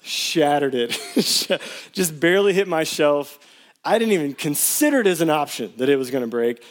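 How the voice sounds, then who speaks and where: A man in his thirties preaching a sermon to his church, telling personal stories in a casual, animated way. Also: on the high side, moderate pace. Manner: storytelling, animated, casual slang. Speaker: pastor.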